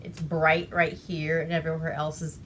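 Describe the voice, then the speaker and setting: A deep-voiced woman from Alaska speaks at a normal pace in a monotone, giving a rambling, laugh-filled, foul-mouthed recap of an old movie. There's a slight hiss or hum on the recording.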